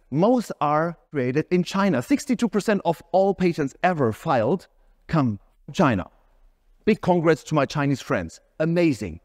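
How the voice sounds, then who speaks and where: A man delivers a keynote speech in an emphatic, energetic way, sometimes breaking into a shout. His voice sits high and swings widely in pitch. The sound trails off in the long reverb of a large hall. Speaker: keynote speaker.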